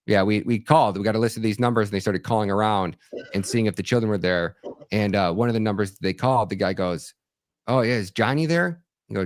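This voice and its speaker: Lowish-voiced man explaining earnestly. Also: no room sound, studio quality. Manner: earnest, animated storytelling with frequent restarts and "right?" tags. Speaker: podcast guest, documentary filmmaker. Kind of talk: conversational explanation in an interview.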